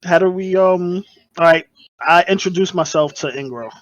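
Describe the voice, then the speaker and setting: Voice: mid-range voice, normal speed, no echo, lo-fi sound. A player in a tabletop game with friends, giggly and playful. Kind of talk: casual tabletop role-play.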